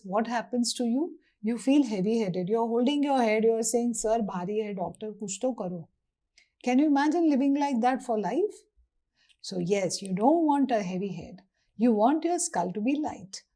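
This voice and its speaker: A woman with an Indian English accent teaching anatomy, asking questions and answering them herself. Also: a little high. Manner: lively, asks and answers her own questions. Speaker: anatomy lecturer. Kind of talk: classroom lecture.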